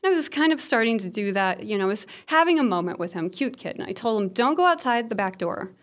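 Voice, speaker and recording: A woman's voice: medium pitch, lively intonation, fast. A woman in her thirties telling a candid personal story about motherhood to an audience, frank and humorous, with a self-deprecating streak. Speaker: speaker sharing a personal story.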